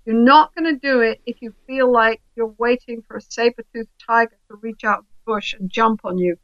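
A woman speaking as a couples therapist in an interview, explaining in a lively way and acting out the voices of the people in her examples. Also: a little high, moderate pace, no echo, lo-fi sound.

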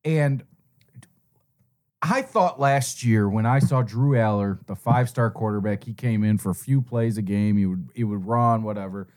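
A man's voice: lowish voice, moderate pace. Man rambling about college football. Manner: rambling, animated. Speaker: co-host. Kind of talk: casual sports betting chat.

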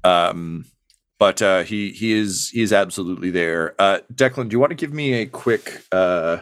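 Male game master, low register, dry, rambling hesitant narration. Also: moderate pace, a bit bright, dry recording. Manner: rambling, full of ums and uhs.

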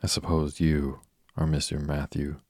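A man voicing a chatty, imaginative orphan girl in a storybook reading, in his own very deep, gravelly voice. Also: completely flat delivery, unhurried, darkish tone, no echo, clean studio sound, exaggerated voice. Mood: eager. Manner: eager nonstop chatter.

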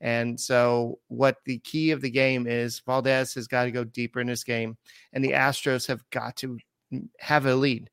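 A man hosting a sports podcast, chatting casually and halting often with fillers. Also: mid-range voice, flat delivery, a bit bright, smooth, no room sound. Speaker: podcast host.

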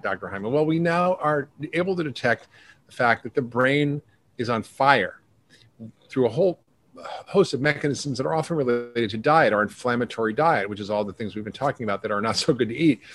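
Middle-aged male doctor guest, mid-pitched, brisk list-rattling delivery. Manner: brisk, rattles off long lists. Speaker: functional medicine doctor, guest. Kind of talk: podcast interview.

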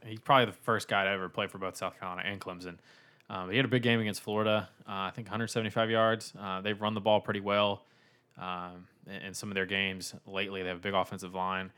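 A man's voice: sits low, flat delivery, fast talker, bright, forceful tone, smooth. A man co-hosting a sports podcast, talking through analysis with many hesitations and restarts. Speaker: podcast co-host. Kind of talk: casual sports podcast chat.

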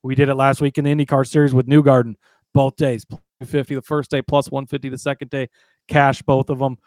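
A man co-hosting a sports betting podcast, talking in a relaxed, conversational way. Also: mid-range voice, fairly quick, no echo. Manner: relaxed, conversational, chuckles often. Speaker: podcast co-host. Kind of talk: casual sports betting chat.

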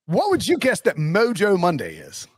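Animated man ranting about football. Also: sits high, normal speed, slightly rough, dry recording, studio quality. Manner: animated, ranting, mimics quotes. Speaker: podcast co-host. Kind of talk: casual sports talk.

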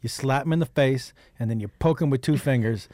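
A man hosting a comedy podcast, telling bawdy bits with animated delivery in casual banter. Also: mid-range voice, a little fast, no room sound.

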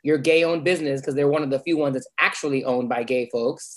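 Male podcast guest, playful and camp, mid-pitched, casual chat. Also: a little fast.

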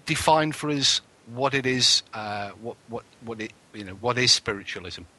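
A man's voice: mid-range voice, expressive, normal speed, bright, forceful tone. A man co-hosting a radio show, teasing in dry banter and asking long, rambling questions. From England. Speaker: radio co-host. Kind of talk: casual radio show chat.

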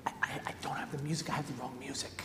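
A man voicing a panicked young woman pianist, hushed and stammering, in an echoey hall. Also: high-pitched, steady tone, fast, noisy background, close to an everyday voice.

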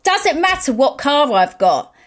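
A woman talks in a fairly high voice, chatting casually on a podcast. She tells stories with indignation and acts out what people said to her. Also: big pitch swings, normal speed, noisy background. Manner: indignant storytelling, acting out quotes. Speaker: podcast co-host. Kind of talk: casual chat.

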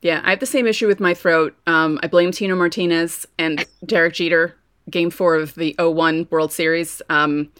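Woman, low voice, casual sports chat, chatty storyteller, dry close mic. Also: moderate pace, no room sound. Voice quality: voice prone to going hoarse. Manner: chatty storyteller, lively asides. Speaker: podcast co-host.

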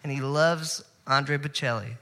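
A man's voice: mid-range voice, a little slow, bright, forceful tone. A young man, a musician guest, chatting casually in an interview, easygoing and laid-back.

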